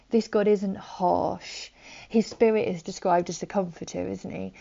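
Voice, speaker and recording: A woman giving a gentle, conversational sermon, soft-spoken with frequent likes and ums, on a dull lo-fi recording. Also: medium pitch, steady tone, measured pace, vocal fry. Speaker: preacher.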